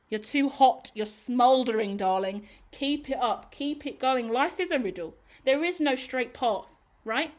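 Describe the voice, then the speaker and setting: A woman's voice: a little high, measured pace. A woman reading tarot to her viewers in an emphatic, sassy, blunt pep-talk manner. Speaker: tarot reader. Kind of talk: tarot reading monologue to camera.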